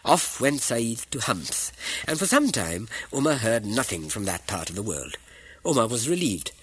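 A man narrating a story in an expressive, measured way. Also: medium pitch, slightly rough, dry recording, poor audio. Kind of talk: scripted narration.

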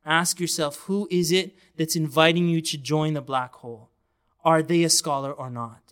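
A man's voice: fairly high pitch, steady tone, moderate pace, fairly bright tone. A man giving an earnest, emphatic sermon, with passages of the Quran chanted melodically. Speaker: Islamic preacher.

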